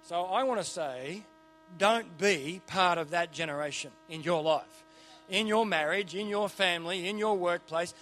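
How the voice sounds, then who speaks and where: A middle-aged Australian man preaching a sermon in a church, animated and joking with punchy repeated phrases. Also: high-pitched, a little slow, faint music behind. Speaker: pastor.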